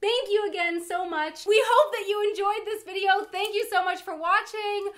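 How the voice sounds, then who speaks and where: Very high-voiced giggly woman host. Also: fairly even intonation, normal speed, fairly bright tone. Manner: giggly, chatty, filler-heavy. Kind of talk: casual interview chat.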